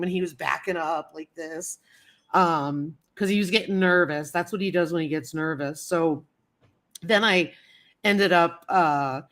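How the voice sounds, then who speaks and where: Hosting a laid-back livestream, a woman speaks in a low, unhurried voice with a bit of brightness. Chatty and rambling, she greets viewers and responds to their comments, her storytelling packed with fillers and repetition.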